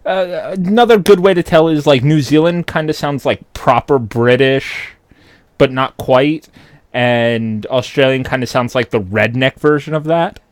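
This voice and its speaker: A man co-hosting a podcast, ranting loud and profane in casual chat. His voice sits at a middle pitch. The sound is close and dry, with no room. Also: unhurried, no room sound. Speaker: podcast co-host.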